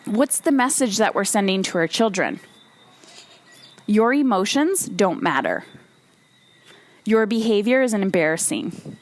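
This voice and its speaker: Animated and measured, with long pauses, a medium-pitched woman runs her own motivational podcast as a host and coach. She's emphatic and blunt, swears a bit, and repeats phrases for emphasis.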